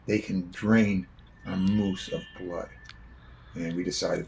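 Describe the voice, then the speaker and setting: Gravelly low-voiced man telling a story. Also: level tone, slow pace, darkish tone, a little hiss or hum. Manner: long-winded, swears freely. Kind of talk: spoken personal anecdote.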